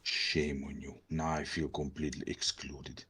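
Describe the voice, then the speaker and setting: A man's voice: extremely low pitch, flat delivery, measured pace, a crowd in the background. A man playing in a tabletop game, talking in a mock-indignant way. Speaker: player. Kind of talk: tabletop role-play.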